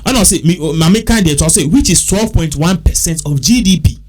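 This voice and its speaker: A man's voice: high-pitched, expressive, quick pace, darkish tone. A man with a Ghanaian accent, talking casually and repetitively, working through figures aloud. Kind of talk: casual talk mixing English and Twi.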